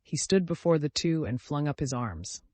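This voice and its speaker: A man narrating a classic novel as an audiobook, reading in a measured storytelling manner and lightly voicing the characters. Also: a little high, animated, darkish tone, no echo. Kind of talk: scripted narration.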